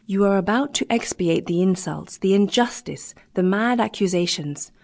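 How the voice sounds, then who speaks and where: A woman reading an audiobook, voicing a defiant male mutineer leader who speaks roughly and accusingly. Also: medium pitch, a little mellow, lightly acted.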